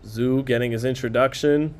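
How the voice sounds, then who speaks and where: Man, live fight commentator, casual stream chat, quick punch-by-punch calls, mid-range pitch. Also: steady tone. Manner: casual, chatty, reads viewer comments aloud; quick play-by-play calling of punches. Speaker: boxing commentator and stream host.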